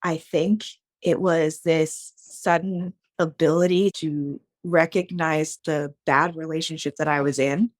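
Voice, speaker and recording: Blunt low-voiced woman telling her story. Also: unhurried, no room sound. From New Jersey. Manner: frank and blunt, swears casually; acts out quoted dialogue with animated shifts. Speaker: podcast guest. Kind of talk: candid personal storytelling.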